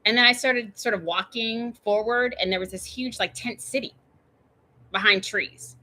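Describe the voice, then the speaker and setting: Bright-voiced woman telling a rambling story. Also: a little high, normal speed. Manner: chatty, meandering, full of tangents and fillers. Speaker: show host.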